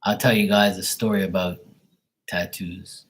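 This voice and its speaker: A man with a very low, husky voice talks on his livestream in a loose, rambling way. He is blunt and swears freely as he tells a story and reads out chat. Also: level tone, measured pace, rough recording. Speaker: livestream host.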